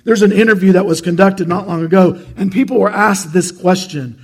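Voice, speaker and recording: A pastor preaches in an earnest, conversational way, stumbling and restarting as he goes. His voice sits high for a man and has a gravelly, husky edge. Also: fairly quick. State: choked up with emotion. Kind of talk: sermon.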